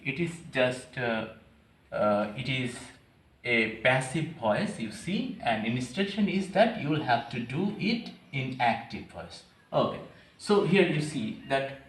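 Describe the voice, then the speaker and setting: Male teacher, grammar lesson, step-by-step, repetitive, fairly high voice, roomy echo. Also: fairly bright tone. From Bangladesh. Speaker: English teacher.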